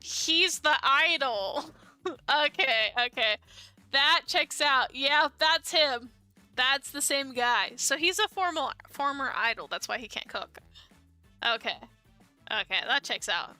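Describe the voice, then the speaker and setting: A woman's voice: sits high, lively intonation, unhurried, sharp tone, no echo, faint music behind. A young woman streamer reading a dating sim aloud in first person and reacting with playful, laughing asides.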